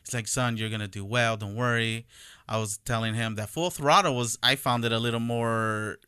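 Casual storyteller, man in his 30s, bright crisp voice, animated, dry close sound. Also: mid-range voice, moderate pace, no echo. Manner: animated storyteller, acts out quotes. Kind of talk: casual chat.

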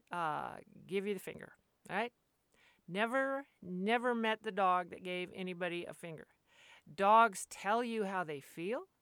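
A woman dog trainer talks at length in a loose, earnest monologue, circling back and restarting her thoughts. Her voice is smooth and clear, recorded close and dry with no room sound. Her pitch sits at an ordinary middle height. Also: a bit bright, no room sound. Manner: rambling, earnest, with frequent restarts. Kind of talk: casual monologue.

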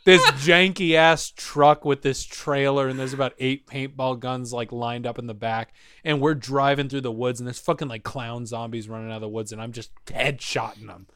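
A man from Texas telling a long story in casual chat, animated and swearing freely. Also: mid-range voice, moderate pace, hardly any pauses, clear, resonant tone, no room sound, clean studio sound. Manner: animated, profane, acts out voices.

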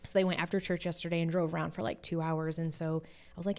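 A woman's voice: fairly low pitch, steady tone, fast talker, darkish tone. A woman in her forties telling a family story in casual chat, giggling as she goes.

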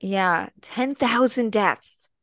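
A woman's voice: medium pitch, drawn-out words, fairly bright tone, dry recording, clean studio sound. A woman from the American Midwest co-hosting a podcast in casual chat, squeamish and full of fillers. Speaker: podcast co-host.

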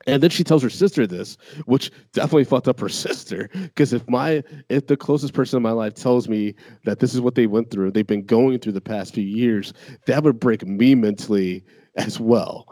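A man in casual conversation, retelling a story in an animated, profane way. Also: mid-range voice, moderate pace, dry recording, studio quality. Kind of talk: casual chat.

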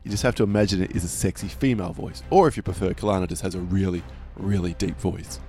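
A man's voice: sits low, quick pace, warm tone, faint music behind. A man introducing his tabletop game character in a joking, mock-grand way. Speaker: player.

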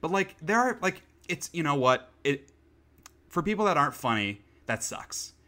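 A man's voice: fairly high pitch, big pitch swings, normal speed, sharp tone. A man hosting a podcast in casual chat, sarcastic and opinionated, swearing freely as he rants. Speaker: podcast host.

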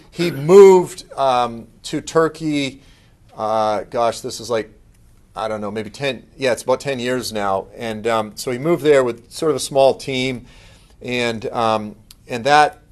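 A middle-aged man giving a conversational update, telling stories with plenty of fillers and lively asides. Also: medium pitch. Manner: conversational, animated impressions of others, many fillers. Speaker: speaker giving a ministry update. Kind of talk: casual storytelling talk.

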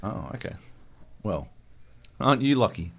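A man's voice: on the low side, big pitch swings, moderate pace, vocal fry, a bit bright. A man co-hosting a podcast, ranting profanely in casual chat. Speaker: podcast co-host.

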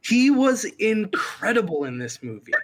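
A man's voice: high-pitched, very animated, moderate pace, very noisy. A man with a slightly raised voice chats on a podcast about a movie. He adds trivia and plot details in a matter-of-fact way. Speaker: podcast co-host. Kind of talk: casual movie review chat.

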